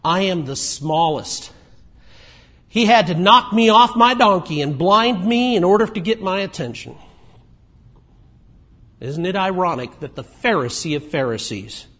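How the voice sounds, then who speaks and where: A man preaching a sermon in a conversational way, moving between emphatic points and quiet asides. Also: high-pitched, breathy edge. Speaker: pastor.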